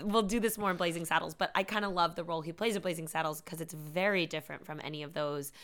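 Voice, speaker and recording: A young woman co-hosting a casual film chat, animated and laughing often as she acts out favorite lines in big loud voices. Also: on the low side, quick pace. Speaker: podcast co-host.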